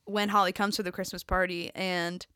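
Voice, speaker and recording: A woman's voice: brisk, smooth, no room sound, studio quality. A young woman co-hosting a casual chat, giggling often and acting out quotes. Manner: giggly, animated, acts out quotes in high voices. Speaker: podcast co-host.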